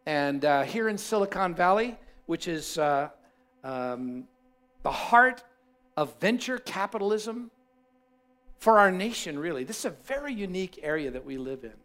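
A male pastor giving a sermon, telling a parable with lively emphasis and repeated phrases. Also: high-pitched, unhurried. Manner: animated storytelling, repeats himself for emphasis.

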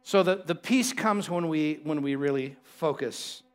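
A man's voice: a little high, measured pace, clear, resonant tone. A man preaching a sermon to a congregation, conversational and playful, often joking with the people in the room. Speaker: pastor.

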